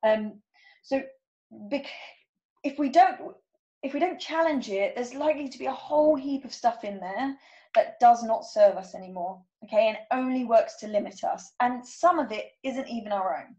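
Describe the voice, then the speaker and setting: A woman coach leads a workshop, her voice sitting a little high. She reads out numbered statements one by one and keeps checking in with "okay?". The recording sounds muffled and lo-fi. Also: moderate pace, a little mellow. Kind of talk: workshop talk.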